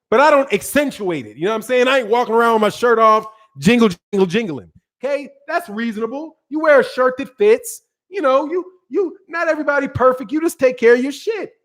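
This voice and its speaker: A man hosting a boxing channel, giving casual live-stream commentary in slangy, profane talk, laughing often and answering chat comments. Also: very high-pitched.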